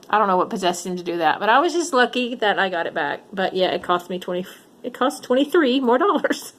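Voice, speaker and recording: A middle-aged woman vlogging about her resale finds and telling a long story in a casual, animated way, with lots of ums and false starts. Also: mid-range voice. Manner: chatty, animated retelling with frequent ums and restarts. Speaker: reseller vlogger.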